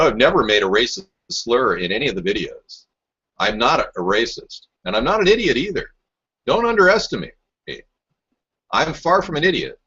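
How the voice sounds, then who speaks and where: A man with a husky, slightly rough voice rants about politics and jabs back at chat viewers with mockery and sarcasm. His pitch sits in an ordinary middle range for a man. The sound is dull and lo-fi, like a cheap webcast mic. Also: pushed and bright. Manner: combative, mocking, sarcastic. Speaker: talk show host. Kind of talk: rambling political talk, answering live chat.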